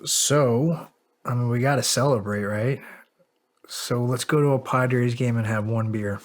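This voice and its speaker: A man's voice: medium pitch, measured pace. A middle-aged man, a podcast guest, telling a long story in casual, profane, self-mocking style. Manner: animated, profane, laughs at himself.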